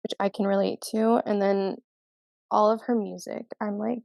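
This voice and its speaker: A woman's voice: mid-range voice, flat delivery, moderate pace, creaky, darkish tone, no room sound. A young woman in her twenties co-hosting a podcast, chatting casually, gushing and laughing often. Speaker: podcast co-host. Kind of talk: casual chat.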